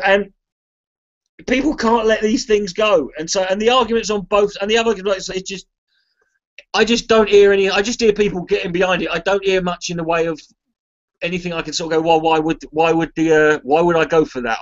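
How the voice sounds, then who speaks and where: An English man with a fairly high voice rambles to his viewers, cursing often and tripping over his own sentences. The audio is a bit dull and muffled, like a lo-fi stream recording. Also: fairly quick. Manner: rambling, swears freely, restarts sentences. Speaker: charity livestream contributor. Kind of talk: casual rambling chat to a live stream.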